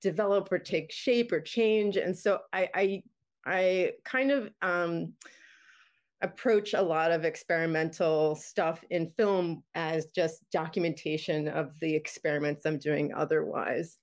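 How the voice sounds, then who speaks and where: Chatty woman filmmaker, low voice. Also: steady tone, a little slow. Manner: chatty, many fillers and restarts, laughs often. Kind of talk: casual panel chat.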